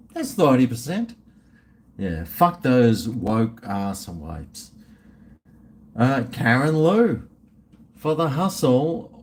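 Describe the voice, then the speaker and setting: A man's voice: mid-range voice, darkish tone. A middle-aged man, hosting a casual livestream and reading super chats. He rambles, mumbles, trails off and swears often, drinking while streaming. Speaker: livestream host.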